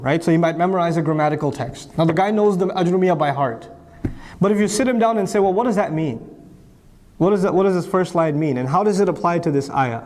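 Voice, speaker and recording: A man in his thirties delivers an educational lecture in a fairly high voice. He drives his points home with rhetorical questions and repeated phrases. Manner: rhetorical questions answered by himself; animated, repetitive emphasis. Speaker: Islamic speaker.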